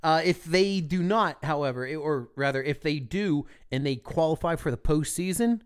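A man's voice: a little high, moderate pace, smooth. Joking male podcast co-host. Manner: joking, loose, swears casually. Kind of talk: casual chat.

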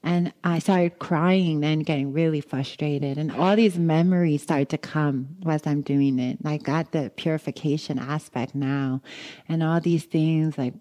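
A woman giving a dharma talk, telling a personal story in an animated way and acting out her own thoughts with laughter. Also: deep voice, unhurried. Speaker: meditation teacher.

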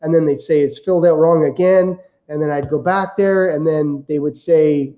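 Male guest, lively anecdotal storyteller, mellow tone. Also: on the high side, normal speed, hardly any pauses, lo-fi sound. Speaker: guest real estate investor. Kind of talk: casual storytelling.

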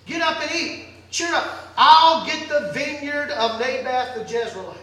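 A man voicing a bossy, forceful grown queen who scolds and gives orders. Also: extremely high pitch, unhurried, a little hiss or hum, full character voice. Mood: scolding. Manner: scolding and commanding. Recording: echoey hall, distant mic.

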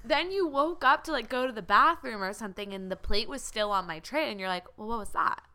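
A young woman with a bright, sharp voice chatting casually with a friend. She tells her stories playfully and giggles as she goes. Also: a little high, a little fast. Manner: giggly, playful anecdote-telling. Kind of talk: casual chat.

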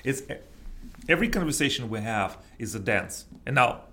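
A man's voice: medium pitch, lively intonation, moderate pace, bright, forceful tone. Eager male host coaching on conversation. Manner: eager, coaching, finishes the other's sentences. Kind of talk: casual chat.

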